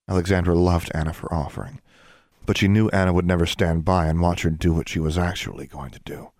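A man narrating a fantasy story in an even, measured reading voice. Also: deep voice, no echo, studio quality. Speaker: audiobook narrator. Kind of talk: scripted narration.

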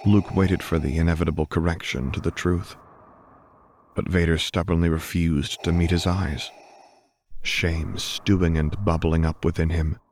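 Male audiobook reader, calm and measured, very deep voice, faint hiss in the recording. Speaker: narrator. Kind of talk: audiobook reading of fan fiction.

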